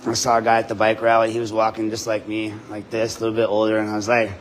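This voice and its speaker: A man's voice: on the low side, completely flat delivery, quick pace, slight background noise, rough recording. A man talking casually into his body-worn camera inside a public building, laughing often and swearing freely. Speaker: independent journalist livestreaming.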